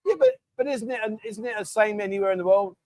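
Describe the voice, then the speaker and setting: A man's voice: high-pitched, lively intonation, fast, darkish tone, no echo. A middle-aged man hosting a casual livestream, chatting and reading out viewer comments in a matey way. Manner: chatty and matey, often calls people mate. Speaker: livestream host.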